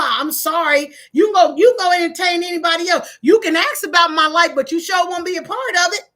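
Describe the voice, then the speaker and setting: High, bright, preachy woman. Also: normal speed, hardly any pauses. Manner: preachy, emphatic, in Black American vernacular. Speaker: online talk host. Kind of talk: live-stream motivational talk.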